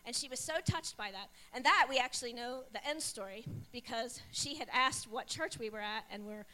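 A middle-aged woman with a high, bright voice tells a personal testimony. She tells it like a story, acting out what people said along the way. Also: moderate pace. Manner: animated storytelling with acted quotes. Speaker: pastor's wife. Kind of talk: testimony sharing.

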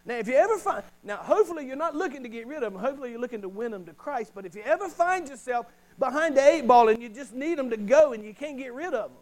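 Very high-pitched man preaching with emphasis. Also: animated, darkish tone, low-quality recording. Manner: emphatic preaching with slowed, punched phrases and call-and-response. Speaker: pastor. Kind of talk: sermon.

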